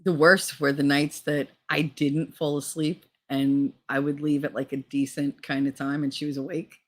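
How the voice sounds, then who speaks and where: Low-voiced woman streamer, frank talk. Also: flat delivery, normal speed. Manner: frank, profane storytelling; reads out chat comments. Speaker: streamer host. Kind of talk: casual livestream chat.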